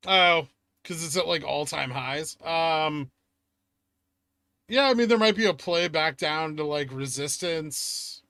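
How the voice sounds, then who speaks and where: A man's voice: on the high side, slow pace, pushed and bright, dry recording. A man streaming live, reading chat aloud and bantering in a sardonic way, swearing often and laughing at himself.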